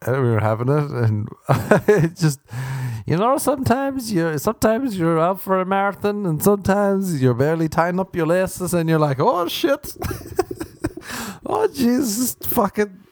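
A man's voice: high-pitched, animated, moderate pace, darkish tone, no echo, studio quality. A man hosting a podcast, rambling through comic stories about himself and laughing often. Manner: rambling, self-mocking storyteller who laughs often. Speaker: podcast host. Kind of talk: comedic podcast monologue.

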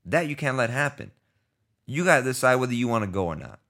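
A man from New York City hosting a podcast in his thirties, telling a story casually and acting out the dialogue in quick back-and-forth. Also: mid-range voice, animated, fairly bright tone. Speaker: podcast host.

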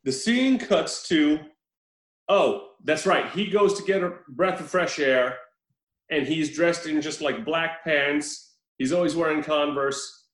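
Animated profane man telling a story. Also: on the high side, takes it slowly, roomy sound, rough recording. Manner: animated storytelling, acts out film lines, profane. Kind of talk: casual chat recapping a film.

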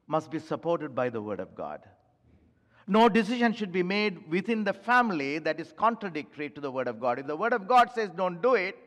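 Male pastor, sermon, high voice, pleading, repetitive emphasis, reverberant hall. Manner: impassioned, pleading, repeats phrases for emphasis. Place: church. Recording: long reverb of a large hall.

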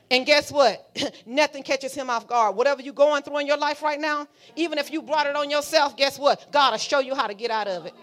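A woman pastor preaching a sermon, talking to the congregation in a fiery, conversational way that swings from hushed asides to shouting. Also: sits high. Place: church sanctuary.

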